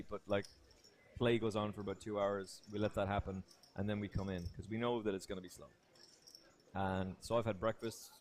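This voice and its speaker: Chatty man commenting on poker. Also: lowish voice. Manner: chatty anecdotal storyteller, animated in stories.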